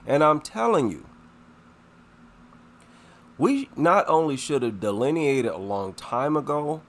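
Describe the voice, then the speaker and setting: Slow, sweeping scornful male commentator. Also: on the high side, animated, a bit bright. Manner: indignant, scornful; emphatic, repeats himself for effect. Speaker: commentator reacting to a clip. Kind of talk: reaction commentary.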